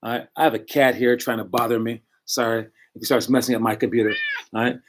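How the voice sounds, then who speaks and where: A male youth basketball coach talks to his young players in a relaxed, encouraging way, often stopping to correct himself mid-sentence. His pitch sits in a plain middle range for a man. He speaks from home into a computer microphone. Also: quick pace, noisy background. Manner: casual, encouraging, self-correcting. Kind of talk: motivational talk to young players.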